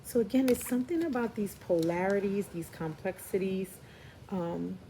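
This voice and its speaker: This woman's voice is mid-range and dark, moving at a moderate pace, with a little hiss or hum in the recording. She's a tarot reader of Puerto Rican background from the New York and Philadelphia area, a Spanish heritage speaker, giving a laid-back spiritual reading. She reasons out loud, scattering fillers and frequent "right?" checks throughout.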